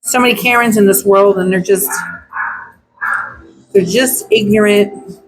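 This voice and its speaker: A woman's voice: medium pitch, steady tone, measured pace, rough recording. A woman dog groomer chatting casually as she works, blunt and opinionated. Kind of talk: casual chat while grooming.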